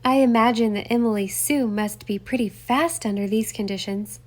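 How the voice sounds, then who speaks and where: A woman's voice: a little high, moderate pace, a little mellow, lightly acted. A woman voicing a young woman detective, polite but firm as she presses with questions.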